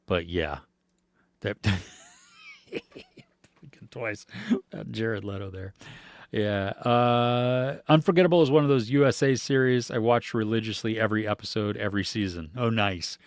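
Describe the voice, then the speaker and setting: A lowish male voice at a measured pace, broken by long pauses, drives this casual podcast chat. The American host rambles about movies and reads out comments from viewers, relaxed and laughing softly amid many fillers. It's studio-quality audio without echo.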